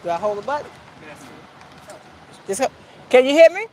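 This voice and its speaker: A woman with a very high voice addresses a press conference like a rally. She leads call-and-response chants with a rousing, preacher-like drive. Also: sing-song, normal speed, darkish tone, low-quality recording. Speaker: coalition leader speaking at a press conference.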